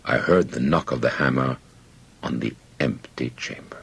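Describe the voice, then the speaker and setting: A man narrating an audiobook in first person with measured storytelling. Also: extremely low pitch, gravelly, fairly bright tone, husky.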